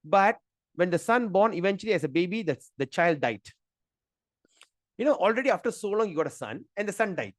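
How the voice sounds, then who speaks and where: A man's voice: high voice, big pitch swings, a little fast, no room sound, clean studio sound. A middle-aged man, teaching a scripture class in a chatty, emphatic way. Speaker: Gita teacher.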